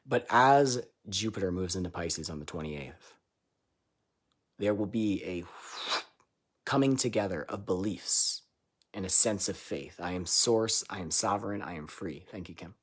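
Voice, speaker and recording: Husky, low-pitched man; live spiritual channeler, irreverent and laughing, booming lines and muttered asides. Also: lively intonation, measured pace. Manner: loose and irreverent, swearing and laughing between lines; swings between loud declarations and quiet asides.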